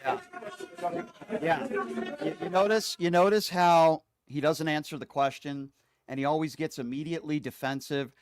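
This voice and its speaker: A man's voice: fairly high pitch, fairly even intonation, moderate pace, background noise. A man hosting a political talk show, chatty and emphatic, with lots of fillers. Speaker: host. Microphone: streaming setup microphone.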